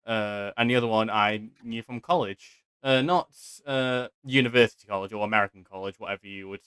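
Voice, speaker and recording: A man's voice: fairly low pitch, steady tone, a little fast, a bit bright, smooth, no room sound. A young British man hosting a casual podcast chat, talking in chatty, giggly bursts with stammering restarts. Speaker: podcast host. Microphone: home microphone, strict settings.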